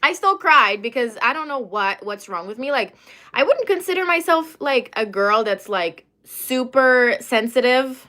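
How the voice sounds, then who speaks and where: A woman's voice: high-pitched, sing-song, unhurried, pushed and bright. A young woman from Lebanon chatting on a livestream, rambling and losing her train of thought as she reads comments aloud. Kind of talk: casual livestream chat, reading comments.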